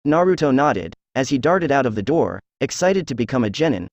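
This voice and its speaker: A man reading fan fiction aloud as narrator, in a steady, even storytelling voice. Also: medium pitch, brisk, hardly any pauses, no room sound.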